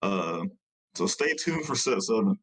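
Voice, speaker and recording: A man's voice: lowish voice, very animated, measured pace, rough recording. A man co-hosting a casual podcast, loosely rambling through his weekly trading card news with plenty of fillers. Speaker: podcast co-host giving card game news.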